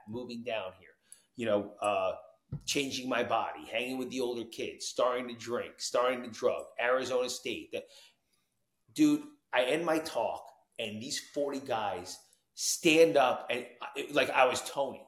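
A man telling his recovery story as a podcast guest, animated, dropping to hushed tones and jumping to loud whoops. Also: mid-range voice, roomy sound. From New Jersey.

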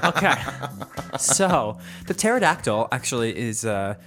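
A man's voice: medium pitch, big pitch swings, a little slow, music in the background. Male podcast co-host, casual banter, crude jokes, easy laughter. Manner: playful, crude, laughing often. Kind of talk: casual chat.

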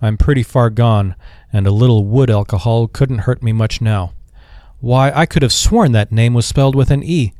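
A man's voice: mid-range voice, normal speed, mellow, no room sound, lightly acted. Frazzled young ex-soldier at his wits' end, voiced by a male narrator, dry close read. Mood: complaining. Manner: exasperated, pleading. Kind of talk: audiobook character voice.

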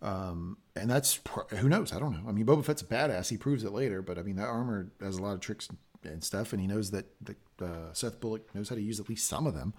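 A man hosting a casual podcast recap, talking in an excitable, animated and profane way. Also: on the low side, brisk, breathy edge. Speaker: podcast host. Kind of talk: casual chat, show recap.

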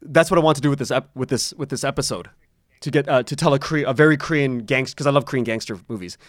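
A man's voice: medium pitch, fast talker, dry recording. Chatty man, dry close sound. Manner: rambling, many restarts, laughs often. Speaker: podcast creator, interview guest. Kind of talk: casual conversational interview.

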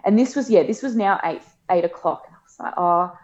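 A woman's voice: fairly quick, darkish tone. Emotional woman telling a birth story. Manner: emotional, laughing often, acts out quotes in a higher voice. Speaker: guest. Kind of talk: casual storytelling. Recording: dull lo-fi podcast sound.

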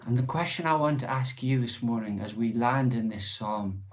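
A man's voice: medium pitch, moderate pace. A man preaching a sermon in church, earnest and conversational, with occasional restarts. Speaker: lay preacher.

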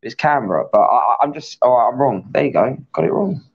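A man co-hosts a loose chat show in a mid-range voice, speaking quickly. He is easygoing and quick to admit when he is wrong. The audio has a dull, lo-fi quality. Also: mid-range voice, animated, vocal fry, husky. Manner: easygoing, self-deprecating. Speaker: co-host. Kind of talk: casual chat.

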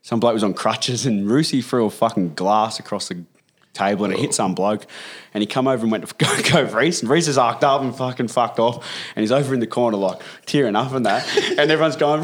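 Young Australian bloke, crude laughing storyteller, mid-pitched, casual chat. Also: male voice, fast talker. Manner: crude, laughing storyteller, heavy swearing and slang. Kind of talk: casual chat among mates.

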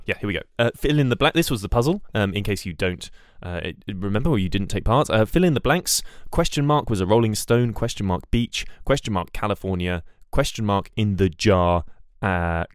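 A man's voice: fairly low pitch, clean tone, dry recording, studio quality. A man hosting a comedic podcast, rambling and hesitant, with a self-deprecating manner. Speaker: podcast host.

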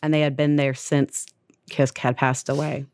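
A woman's voice: extremely low pitch, flat delivery, moderate pace, darkish tone, clean tone, dry recording, studio quality. A young woman casually retelling a story on a podcast, full of "like" and acted-out quotes.

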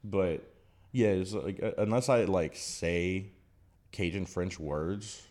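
A man from Louisiana co-hosting a podcast, chatting casually in a relaxed, rambling way and laughing often. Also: deep voice, slow pace. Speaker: podcast co-host. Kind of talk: casual chat.

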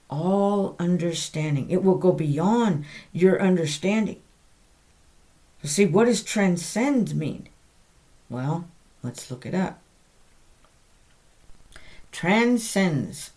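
Brief: woman podcast host teaching scripture, conversational, slow and low. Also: darkish tone. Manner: earnest and conversational, corrects herself aloud. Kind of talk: informal Bible teaching.

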